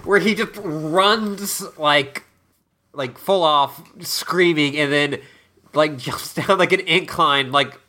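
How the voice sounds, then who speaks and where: A man's voice: on the high side, takes it slowly, sharp tone. A man co-hosting a podcast in casual chat, rambling with lots of "like" and giggling. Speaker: podcast co-host.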